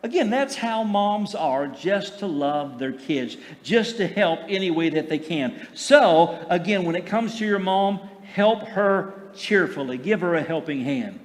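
A man's voice: sits high, expressive, a little slow, hardly any pauses, big-room sound. A middle-aged man preaching a sermon in a folksy, conversational way, full of fillers and repeated words. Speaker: pastor.

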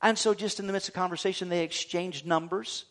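A man's voice: sits high, steady tone, fairly quick, fairly bright tone. A man preaching a sermon as pastor, telling a story, acting out the voices of the people in it and calling for amens.

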